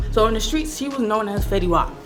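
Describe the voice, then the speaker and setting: A woman in her twenties tells a story in a casual, profane way, acting out the action with booming sound effects. Her voice sits a little high. Clear music plays behind her. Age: 20s.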